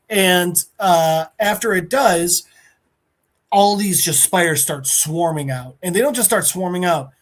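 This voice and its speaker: Man animatedly retelling a story. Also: a little high. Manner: animated retelling, briefly acting out characters' lines. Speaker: podcast co-host. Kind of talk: casual plot recap.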